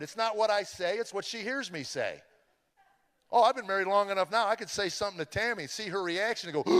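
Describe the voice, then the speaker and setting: Middle-aged man telling his testimony, animated. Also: high voice, quick pace. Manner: animated storytelling, swinging from hushed to loud. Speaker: comedian giving a testimony. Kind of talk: personal testimony speech. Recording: long hall reverb.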